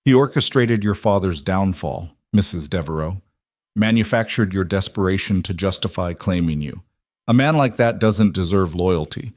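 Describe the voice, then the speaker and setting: A man reading the part of a cultured male crime boss with a faint Russian accent, smooth and persuasive. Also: sits low, moderate pace, a little mellow, no room sound, studio quality, close to an everyday voice. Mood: smooth menace.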